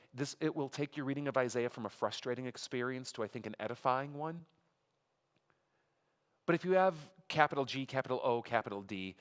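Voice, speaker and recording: Recorded in a church sanctuary with the long reverb of a hall, a pastor leading a Bible study speaks in a mid-range, somewhat bright voice. He keeps the sermon conversational, reading scripture with emphatic rises and tossing asides to the congregation.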